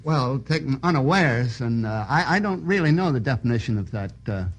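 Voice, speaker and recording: A man's voice: mid-range voice, animated, brisk. A man on a radio quiz panel, answering thoughtfully with some hesitation. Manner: thoughtful, hesitant, searching for words.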